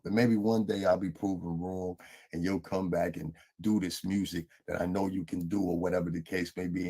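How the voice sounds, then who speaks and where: A man with gives a stern, lecturing monologue aimed at someone he addresses directly. His voice is very low and husky. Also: mellow. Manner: lecturing, scolding tone. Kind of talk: commentary monologue.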